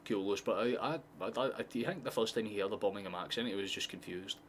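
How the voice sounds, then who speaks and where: A Scottish streamer hosts a football watchalong, giving loose, excitable, swear-heavy live commentary in a fairly low voice and talking fast. Between plays he drifts into chatty asides, with a faint steady hum behind him.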